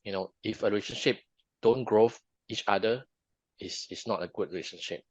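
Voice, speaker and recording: A man's voice: on the low side, a little fast, no room sound. A man co-hosting a podcast in a casual book discussion, who halts and repeats words often. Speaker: podcast co-host. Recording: dull lo-fi dry sound.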